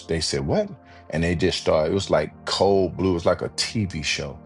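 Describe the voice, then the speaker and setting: Very deep-voiced man telling his story. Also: normal speed, faint music behind. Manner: animated retelling, acts out other people's lines; casual, repeats "you know what I mean". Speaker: podcast guest. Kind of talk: storytelling in an interview.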